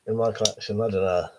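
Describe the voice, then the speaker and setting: The sick streamer's voice now falls on the low side, with a noisy background behind it. Still coughing, he rambles through viewer chat, hesitant and swearing, over dull lo-fi stream audio.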